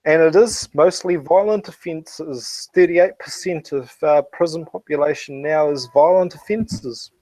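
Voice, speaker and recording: A man's voice: fairly high pitch, measured pace, hardly any pauses, darkish tone, dry recording. Blunt, swearing New man. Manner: blunt, profane, laughs between points. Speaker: host of a hangout. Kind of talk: casual online chat. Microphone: home computer mic.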